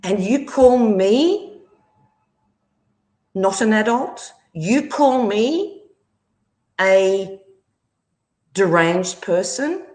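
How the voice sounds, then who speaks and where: A woman hosts a livestream and delivers a furious, confrontational rant full of swearing. She speaks slowly and deliberately, and her pitch swings widely as her anger builds. The room around her sounds echoey. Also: lively intonation, darkish tone. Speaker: livestream host.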